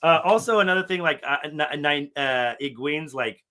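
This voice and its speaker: A man's voice: a little high, moderate pace. A man co-hosting a fan podcast, chatting casually and profanely, often mimicking characters. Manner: profane, animated, mimics characters in funny voices. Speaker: podcast co-host. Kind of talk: casual chat.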